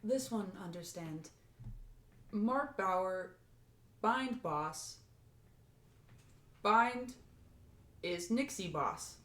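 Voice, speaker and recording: A woman voicing a naive, newly embodied robotic creature in a tabletop game, speaking quietly in broken grammar. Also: medium pitch, animated, very slow, pauses often, reverberant. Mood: curious.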